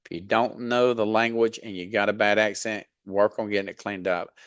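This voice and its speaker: A man with a Southern drawl talks through a freight dispatching lesson in a low, steady voice. He is blunt and folksy, drops in mild cursing, and fills pauses with ums and you-knows. The recording is dry and close. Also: clean tone, no echo, highs cut off. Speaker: dispatch trainer. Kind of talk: casual instructional talk.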